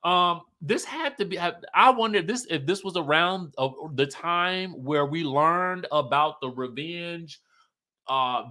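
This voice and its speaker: A man's voice: high voice, pushed and bright. A man giving a casual, sassy reality-TV recap, laughing often and quoting the cast. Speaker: show recap commentator.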